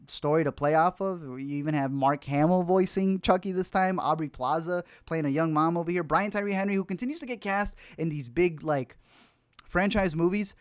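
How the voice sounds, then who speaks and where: A man's voice: a little high, no room sound, studio quality. A young man hosting a casual livestream, talking about films he missed, rambling with lots of fillers and restarts. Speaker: film reviewer, host.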